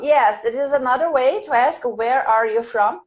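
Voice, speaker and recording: Woman, native Portuguese speaker, slow patient English teacher, higher voice, dull lo-fi stream. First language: Brazilian Portuguese. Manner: patient, repeats questions slowly for learners. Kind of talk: live online English lesson.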